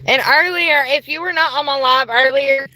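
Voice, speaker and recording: Woman streaming a ghost hunt from her car phone, bright and a bit high, polite then gushing. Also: normal speed, soft background music, poor audio. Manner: polite to spirits, bursts of excited squealing. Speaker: paranormal livestreamer. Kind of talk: livestream ghost investigation. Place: inside a car.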